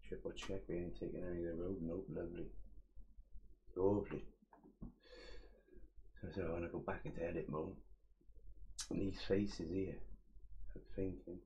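A man's voice: deep voice, steady tone, a little fast, pauses often, dark tone, lo-fi sound, slight background noise. A young man giving a casual live-stream modelling tutorial, muttering his steps aloud, chatting with viewers in slang and swearing freely. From England.

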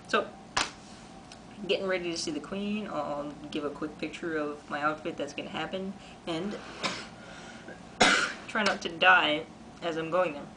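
A young man in his twenties from Canada talks excitedly in a casual video diary, using lots of "like" fillers. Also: on the high side, measured pace, pauses often. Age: 20s. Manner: chatty and excitable, many "like" fillers. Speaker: vlogger and artist. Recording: noisy background.

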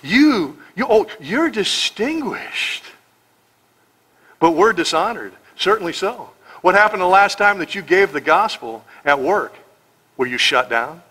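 Speaking unhurriedly in a high, pushed, bright voice with big pitch swings, an American pastor works through a sermon verse by verse. He's emphatic and sarcastic, firing off rhetorical questions in this expository sermon. The recording is low quality.

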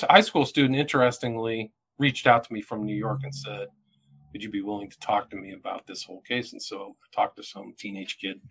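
With a fairly low, fairly bright voice, this podcast host leads a casual interview. His talk is loose and rambling, heavy on "kind of" fillers.

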